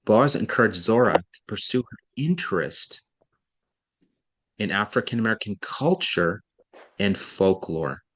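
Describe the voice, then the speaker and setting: Low-voiced male reading tutor. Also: animated, a bit bright, slightly rough. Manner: deliberate, stresses key words and slows down for emphasis. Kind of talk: reading aloud and coaching.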